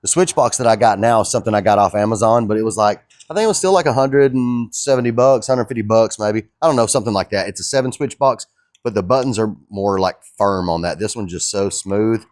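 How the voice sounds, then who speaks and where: A young man chatting casually in his shop vlog, laid-back and excited, tossing in "dude" and "man". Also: lowish voice, fast, no room sound, studio quality. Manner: laid-back and enthusiastic, drawling, calls viewers dude and man. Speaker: custom truck builder and vlogger.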